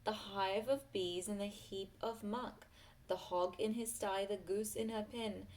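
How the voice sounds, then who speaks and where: A woman reading a rhyming picture book aloud in a sing-song way, pausing for little asides to her listener. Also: medium pitch, steady tone, darkish tone, a little hiss or hum. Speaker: storyteller.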